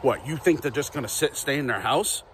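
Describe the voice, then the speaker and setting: A man's voice: medium pitch, brisk, a bit bright, slight background noise. A man ranting casually to camera in a vlog, profane, rambling and repetitive. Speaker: vlogger.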